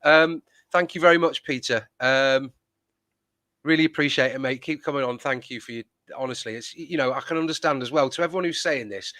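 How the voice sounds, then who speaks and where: A man's voice: mid-range voice, brisk, pushed and bright, no echo. A man hosting a football fan phone-in, talking in a hesitant, searching way with many fillers. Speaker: fan channel host. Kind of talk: casual phone-in chat.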